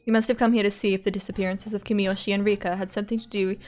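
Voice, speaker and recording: A woman voicing a sleazy, folksy middle-aged male police detective with a loud, oily, overly familiar delivery in a jumbled put-on American accent, as part of a dramatic visual novel reading. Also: medium pitch, little pitch movement, rapid-fire, soft background music, natural voice. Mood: prying.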